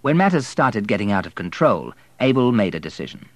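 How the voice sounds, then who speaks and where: Low-voiced male audiobook narrator. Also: very animated, fairly quick, dry recording. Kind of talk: scripted narration.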